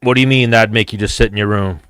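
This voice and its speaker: A man's voice: on the low side, fairly even intonation, fast, a bit bright, clean tone, dry recording, clean studio sound. A man hosting a casual fight watch-along, chatting loosely with viewers in a rambling, profane way. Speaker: host.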